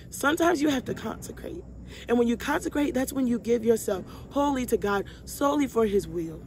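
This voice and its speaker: A young woman vlogger holds a Bible study, preaching in a casual way and calling her viewers y'all. Her delivery is heartfelt and emphatic, with lines repeated for stress. Her voice is fairly high, and a little hiss or hum is audible.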